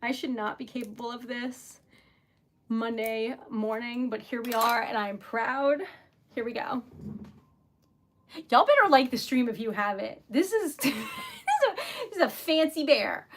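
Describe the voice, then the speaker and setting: Young woman, high bright voice, casual livestream host, chatty and self-encouraging. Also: expressive, a little slow, pauses often. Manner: chatty and self-encouraging, drops to a whisper when concentrating. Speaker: livestream host making wax seal stickers.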